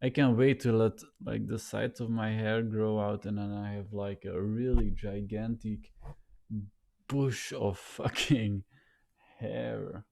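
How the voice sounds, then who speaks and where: A man rambling to a camera set a little way off, thinking aloud in a halting, self-conscious way, with a nasal voice and many repeated words and restarts. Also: on the low side, fairly even intonation, vocal fry, warm tone. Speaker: vlogger. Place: sitting in front of a camera.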